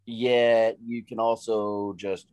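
A man's voice: fairly low pitch, level tone, slow pace, darkish tone, clear, resonant tone, dull audio. A man in a casual chat, chiming in with wry jokes and asides.

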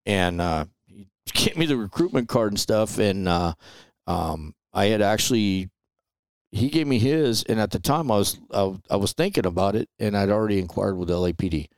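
Gravelly, easygoing man telling stories. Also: on the low side, normal speed, no echo. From Los Angeles. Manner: relaxed, chatty, peppers talk with "man" and "you know". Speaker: guest. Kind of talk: casual storytelling interview.

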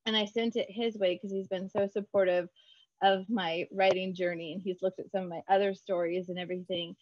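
A woman children's book author chatting in an interview, bubbly and quick to laugh. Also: medium pitch, flat delivery, darkish tone, dry recording, highs cut off. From United States. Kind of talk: casual interview chat.

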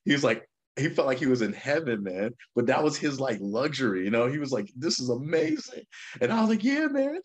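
Male podcast co-host, laid-back storyteller, jumps high for quoted voices. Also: fast, husky. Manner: animated storyteller, acts out quotes in a raised voice. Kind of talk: casual storytelling chat.

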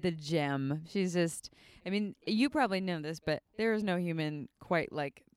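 A woman co-hosting a podcast in casual chat, animated and laughing often. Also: fairly low pitch, normal speed, smooth, no room sound. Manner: giggly, animated, rambling. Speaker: podcast co-host.

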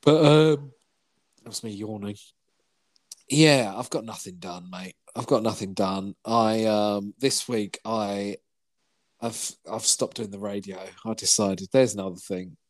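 A man chats casually on a podcast, telling long rambling stories in a fairly low voice. He swears freely and acts out the lines of people in his stories. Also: unhurried. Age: 40s. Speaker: podcast co-host. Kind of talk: casual chat.

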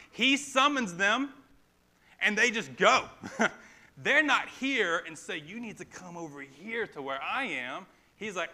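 Bright-voiced animated male pastor preaching. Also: fairly high pitch. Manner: conversational, animated preaching with asides. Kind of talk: sermon.

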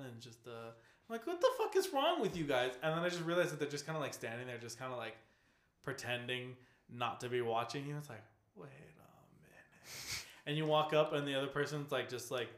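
A man's voice: mid-range voice, a bit bright. Man, casual gaming chat, rambling storyteller, swears freely, echoey room.

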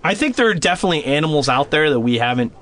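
A man in his thirties, a podcast guest, telling a story in casual chat, animated and swearing freely. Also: on the high side, rapid-fire.

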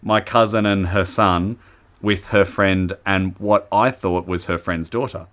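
Low-voiced man telling stories. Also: steady tone, a little slow, a bit bright. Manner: rambling anecdotes, laughs often. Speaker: podcast co-host. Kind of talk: casual storytelling chat.

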